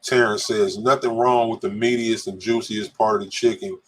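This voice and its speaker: A man's voice: lowish voice, steady tone, moderate pace, a bit bright. A man co-hosting a casual podcast, reading viewer comments aloud and joking with a laugh. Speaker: podcast co-host reading live chat. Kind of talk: casual live-stream chat.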